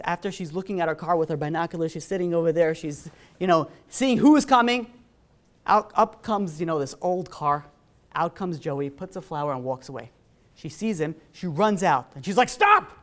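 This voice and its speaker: A man, a rabbi, telling a story in a sermon in a casual, animated way, full of "you know" and "like". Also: sits high.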